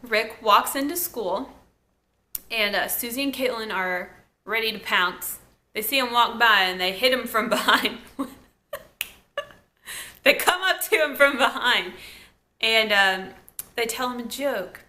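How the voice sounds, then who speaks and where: This reviewer's high, pushed and bright voice is a little slow, with long pauses. She recaps a TV episode in a relaxed, chatty style, full of "like," laughs and asides.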